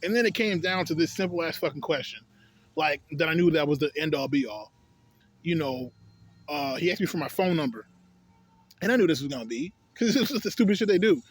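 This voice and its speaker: A man's voice: a little high, expressive, fairly quick, slightly rough. A young adult man telling a story in a casual, profane rant, exasperated and breaking into laughter between complaints.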